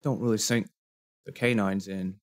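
A man's voice: fairly low pitch, steady tone, moderate pace, natural voice. A man voicing a cocky young adventurer who talks in slang, calls people mate and makes veiled threats. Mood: veiled menace. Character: cocky young male adventurer, quietly menacing.

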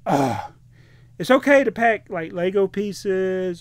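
A man's voice: sits high, very animated, slow pace, no echo. A man venting about damaged packaging while unboxing toys, chatty and exasperated, reading viewer comments aloud. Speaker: toy collector vlogger. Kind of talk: casual unboxing rant.

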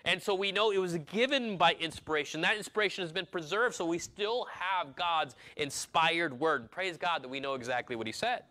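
Bright-voiced preaching man. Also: a little high, normal speed, hardly any pauses. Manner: conversational preaching, rising to emphatic. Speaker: pastor. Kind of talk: sermon. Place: church sanctuary.

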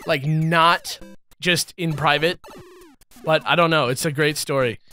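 A man's voice: on the high side, steady tone, measured pace, bright, forceful tone. A man co-hosting a gameplay video with playful, teasing banter. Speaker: let's play co-host. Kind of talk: casual gameplay commentary. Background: faint game music.

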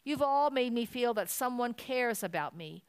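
A poor, lonely boy in a storybook, quietly thankful, as a woman reads him. He speaks earnestly in a smooth, clear voice, recorded dry and close. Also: a little high, animated, normal speed, no room sound.

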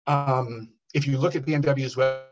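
Man telling a lively story. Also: medium pitch, normal speed. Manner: animated, quotes people in lively bursts. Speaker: workshop speaker. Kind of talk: storytelling talk. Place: workshop room. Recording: dull lo-fi workshop recording.

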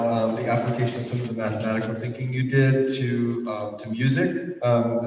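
A man moderating a Q&A, passing on audience questions in a measured, hesitant way. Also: medium pitch, darkish tone, a little hiss or hum. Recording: distant, dull and echoey in a hall.

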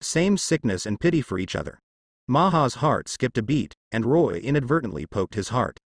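A man narrating translated fan fiction as an audiobook, in a steady storytelling manner. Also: mid-range voice, normal speed, breathy edge, no room sound, clean studio sound.

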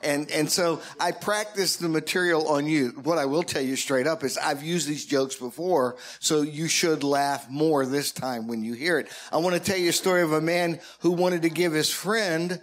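A man's voice: a little high, normal speed, few pauses. A man preaching in a church as pastor, talking conversationally and joking with his congregation. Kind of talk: sermon.

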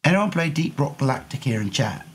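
A young man streaming a game with commentary, hoarse from illness, goofy and quick to shrill yelps. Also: big pitch swings.

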